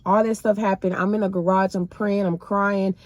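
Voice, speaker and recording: A woman's voice: mid-range voice, level tone, moderate pace, no room sound. Emotional woman telling her faith story. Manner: emotional, colloquial, addresses viewers as y'all. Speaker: person sharing her faith testimony. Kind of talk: casual personal storytelling.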